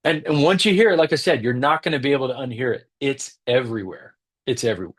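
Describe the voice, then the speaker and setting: A man's voice: a little high, expressive, racing, slightly rough. A man giving an earnest teaching talk on leadership who stresses his key points by repeating them.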